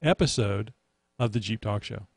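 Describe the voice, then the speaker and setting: A man's voice: on the low side, normal speed, vocal fry, no room sound, clean studio sound. A man hosting a casual podcast, rambling with many fillers. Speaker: host.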